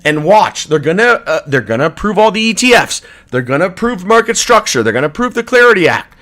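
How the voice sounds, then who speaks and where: A man hosting a crypto livestream who rants angrily and swears, with outbursts that drop into low mutters. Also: sing-song, quick pace. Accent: Canadian English. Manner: furious, profane, swinging from shouting to low mutters. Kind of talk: angry livestream rant.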